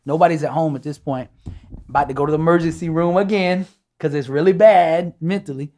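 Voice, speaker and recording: A man telling a personal story as a podcast guest, animated and casual, acting out dialogue and often checking in with "right?". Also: fairly high pitch, fairly quick. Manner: animated, acts out dialogue, tags lines with "right?"; casual speech with "ain't" and "gonna".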